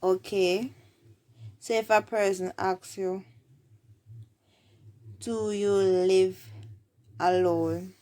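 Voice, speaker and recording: A woman's voice: medium pitch, steady tone, extremely slow, long pauses, darkish tone. A woman with a Jamaican accent teaching everyday phrases, saying each example twice. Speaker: language teacher.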